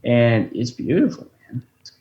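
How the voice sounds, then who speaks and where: A man's voice: mid-range voice, sing-song, normal speed, roomy sound, muffled recording. A young man telling travel stories in a loose, rambling way, swearing often. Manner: rambling storyteller, swears a lot. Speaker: guest. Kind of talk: casual chat. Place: room of a rental flat.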